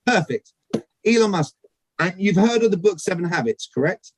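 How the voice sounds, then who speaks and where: High-voiced man giving a lively sales talk. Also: normal speed, slight background noise, poor audio. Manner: energetic, addresses audience directly, asks questions. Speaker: speaker at a networking event. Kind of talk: live motivational sales talk. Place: event room with audience.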